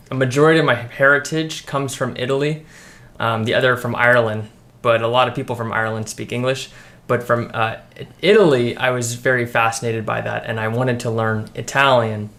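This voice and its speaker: A young man chats casually with a friend. His voice is mid-pitched. He speaks in a relaxed, hesitant way and often pauses to search for words. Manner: relaxed, hesitant, lots of fillers and restarts. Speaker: guest friend. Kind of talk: casual chat.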